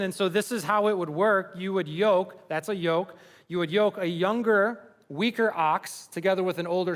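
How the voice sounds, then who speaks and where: A man's voice: high-pitched, a bit bright, big-room sound. A man preaching a sermon as pastor, earnest and building to passionate emphasis. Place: large church hall.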